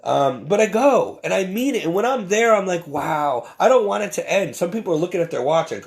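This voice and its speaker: A man's voice: high-pitched, animated, brisk, creaky, few pauses. A man delivering an impassioned, preachy monologue about faith, emphatic and often stumbling over repeated words. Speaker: Catholic commentator.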